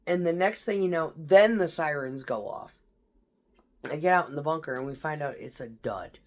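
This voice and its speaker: Speaking at normal speed, a woman with a deep, darkish voice tells casual stories about her military tours. Her delivery is blunt and full of swearing, and she laughs through the tense memories.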